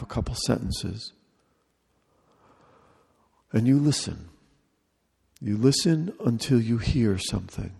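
A man with a deep, smooth, gravelly voice, pitched lowish, gives a talk at a retreat in a large hall. He speaks slowly and deliberately, often repeating short phrases, and the room adds a long reverb.

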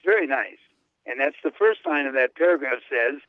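A man reading a text aloud slowly and explaining it in an unscripted talk, stressing key words and breaking into enthusiastic asides, often repeating and restarting words. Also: mid-range voice, expressive, no room sound. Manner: slow, emphatic quoting, rising on key words, enthusiastic asides. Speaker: Latin scholar reading and explaining a papal text. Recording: dry, narrow phone-line sound.

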